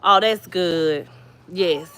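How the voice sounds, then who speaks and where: A woman's voice: fairly low pitch, drawn-out words, a bit bright, clear, resonant tone. A woman from New Jersey chatting casually with viewers on a livestream, telling stories and greeting people by name. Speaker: vlogger hosting a livestream.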